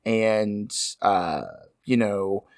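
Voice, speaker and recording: A man's voice: fairly even intonation, drawn-out words, a little mellow, no room sound, clean studio sound. A man hosting an improvised comedy podcast over a video call with a headset, skeptical and teasing. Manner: skeptical, teasing, with big pitch swings.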